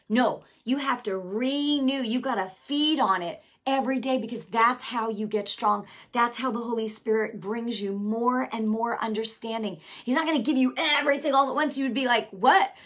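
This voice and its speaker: A woman with a husky, slightly breathy voice preaches in a loose, chatty way. She repeats key phrases for emphasis and drops quick asides as she talks. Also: on the high side, a bit bright. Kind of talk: casual sermon.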